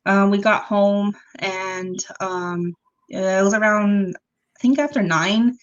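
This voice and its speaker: A young woman, a podcast guest, telling her own story in a casual, animated way, acting out what people said, with ums and laughs along the way. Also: mid-range voice, slow pace, dull audio. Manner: animated, acts out quoted dialogue, frequent ums and laughs. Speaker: interview guest.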